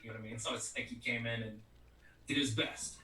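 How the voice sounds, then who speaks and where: A man's voice: medium pitch, steady tone, fairly quick, pushed and bright, a little hiss or hum. A man who works as a voice actor, guesting in a casual interview and talking at length in a loose, rambling way. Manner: rambling, peppered with "you know what I mean". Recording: roomy echo, distant from mic.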